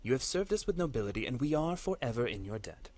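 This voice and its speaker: A man's voice: mid-range voice, very animated, fast talker. A man voicing a stern, imperious matriarch who rules her battle lords with cold command. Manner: commanding, cold, erupts into shouting.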